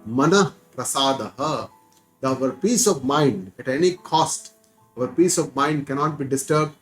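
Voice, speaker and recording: A man's voice: on the high side, a little slow, soft background music, rough recording. A middle-aged man with an Indian English accent giving a spiritual discourse, earnest, repeating words for stress. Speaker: Gita teacher.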